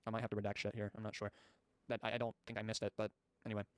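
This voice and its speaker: A man's voice: lowish voice, completely flat delivery, racing, clean tone, no echo. A man streaming, reading chat logs aloud and adding blunt commentary, with casual swearing.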